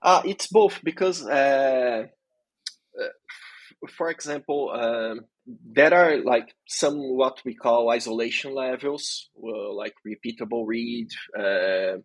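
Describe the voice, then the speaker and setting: A man's voice: medium pitch, takes it slowly, slightly rough, dry recording, low-quality recording. A man as a guest expert in a technical interview, explaining things patiently step by step.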